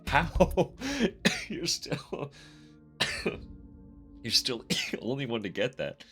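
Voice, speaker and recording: A man's voice: mid-range voice, slow pace, soft background music. A man streaming a game, reading the characters' dialogue aloud and breaking off to laugh and joke. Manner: reads dialogue in a flat voice, breaks into laughs and swearing. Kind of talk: let's play, reading in-game characters' lines with live commentary.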